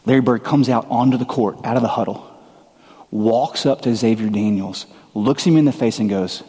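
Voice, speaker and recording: A male pastor giving a sermon, shifting into casual, conversational storytelling with relaxed asides. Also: medium pitch, moderate pace, long reverb tail.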